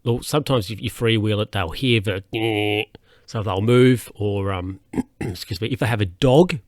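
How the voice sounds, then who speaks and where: A man's voice: on the low side, a little slow, no room sound, clean studio sound. A man hosting a solo podcast, telling stories in a rambling, hesitant way with lots of fillers and restarts. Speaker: podcast host.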